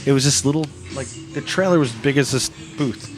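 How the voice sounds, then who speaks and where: A man co-hosting a casual podcast from a pub booth, rambling through stories and quoting people in animated voices. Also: medium pitch, brisk, music in the background. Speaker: podcast co-host. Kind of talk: casual chat.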